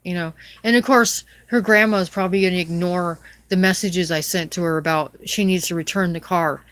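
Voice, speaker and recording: A middle-aged woman with a lowish voice rants into the camera, swearing and circling back to the same complaints. The sound is dry and close, with no room around her. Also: steady tone, fairly quick, fairly bright tone, no room sound. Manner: swearing, venting, repeats herself. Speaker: vlogger. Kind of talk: angry personal rant to camera.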